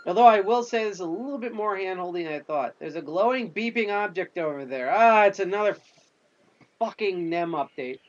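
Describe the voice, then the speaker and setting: A man's voice: high voice, brisk, muffled recording. A man giving jokey, casual commentary while he plays a video game on stream. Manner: jokey, chatty, reacts aloud while playing.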